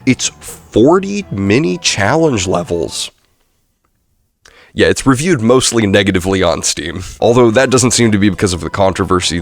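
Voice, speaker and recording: A young man casually reviewing a video game, rambling with lots of fillers and self-corrections. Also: lowish voice. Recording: faint music underneath. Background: faint background music.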